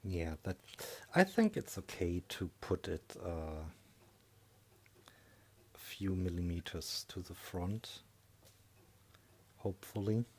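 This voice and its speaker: A man talking through a workshop repair project, thinking aloud in a hesitant, low-key way with many pauses and fillers. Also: expressive, breathy edge. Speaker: electronics hobbyist. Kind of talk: workshop voice-over talk.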